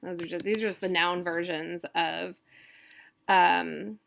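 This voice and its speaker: A woman instructor giving a recorded lecture, talking haltingly with many fillers and self-corrections. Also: lowish voice, fairly even intonation, vocal fry, fairly bright tone.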